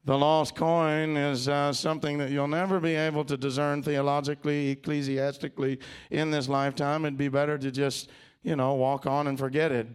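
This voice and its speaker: A man voicing an analytical, doubting male disciple with a nasal monotone and slow, pedantic delivery. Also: a little high, smooth, close to an everyday voice. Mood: dismissive.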